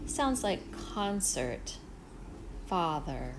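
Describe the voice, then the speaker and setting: Slow, low-voiced woman teaching vowels. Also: animated, noisy background. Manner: stretches out each vowel sound, clear and deliberate. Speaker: English pronunciation teacher. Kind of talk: slow instructional demonstration.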